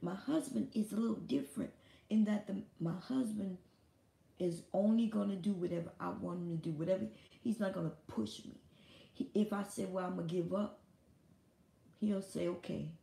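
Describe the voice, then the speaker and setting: On her own live stream, a woman rambles casually, speaking bluntly and swearing freely. Her low, mellow voice carries a gravelly fry, and the room gives off a noticeable echo.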